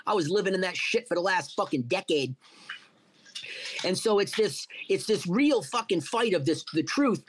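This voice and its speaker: A middle-aged man with a notably high-pitched voice spins a profane, animated story in a relaxed interview. He swears constantly and slips into the voices of the people he quotes. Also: brisk. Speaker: guest, cannabis entrepreneur.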